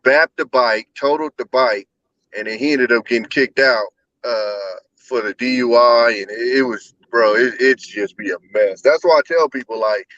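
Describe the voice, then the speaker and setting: A man's voice: mid-range voice, normal speed, fairly bright tone, dry recording. A man hosting a casual podcast, telling rowdy, profane stories with a "bro" in nearly every sentence. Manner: profane, rowdy storytelling, says "bro" constantly. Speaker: podcast host. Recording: dull, dry lo-fi sound.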